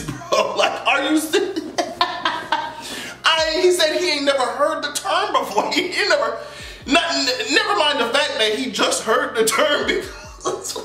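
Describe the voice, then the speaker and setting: Recorded with a roomy sound, an extremely high-pitched young man hosts a podcast, animatedly reading the news aloud and commenting casually, laughing a lot and cursing freely.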